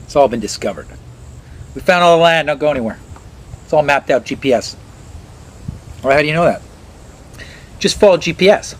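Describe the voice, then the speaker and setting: A man ranting casually and sarcastically, swearing and slipping into high mocking voices. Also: expressive, a little fast, pauses often, poor audio.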